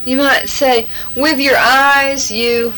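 A woman giving a spoken fill-in-the-blank test, halting with many fillers and saying okay after each answer. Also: sits high, little pitch movement, pushed and bright, a little hiss or hum, rough recording. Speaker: language tester. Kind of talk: reading fill-in-the-blank prompts.

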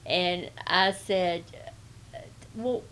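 A woman from Atlanta, Georgia, speaks with a Southern accent in a casual oral-history interview, rambling and hesitant with many restarts. Her voice is lowish and fairly bright, very slow, with slight background noise.

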